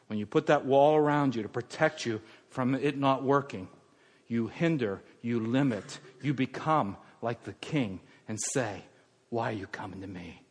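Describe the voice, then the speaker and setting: A middle-aged man preaching a sermon as a pastor, moving between raised, emphatic passages and hushed, near-whispered ones. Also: mid-range voice, unhurried. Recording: long hall reverb.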